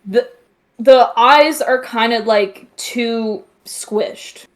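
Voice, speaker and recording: Blunt, slightly high-voiced woman guest. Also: very slow. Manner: blunt, swears casually. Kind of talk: casual chat.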